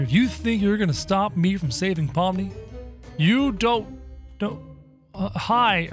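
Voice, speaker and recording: A gaming narrator delivers excitable, playful let's-play commentary in character, breaking into yelps and laughter. The voice sits in the mid range.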